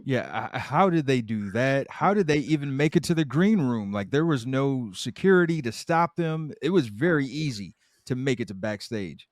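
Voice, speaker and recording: Podcast dude, really bouncy intonation, dry close mic, chill agreeing and adding jokes. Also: male voice, mid-range voice, moderate pace, few pauses, dry recording. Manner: relaxed, short agreeing replies, playful asides. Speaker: podcast co-host. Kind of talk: casual recap chat.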